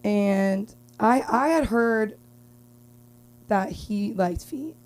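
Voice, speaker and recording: A young woman from Los Angeles performing a rambling stand-up comedy set at an open mic, with filler-heavy talk and sudden loud outbursts. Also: medium pitch, lively intonation, drawn-out words.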